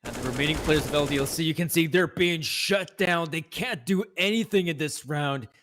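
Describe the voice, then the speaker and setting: A man giving live play-by-play on an esports match, steady and analytical in tone. He breaks up the calls with jokes about the game. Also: on the high side, normal speed, noisy background. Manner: analytical, joking. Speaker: esports caster.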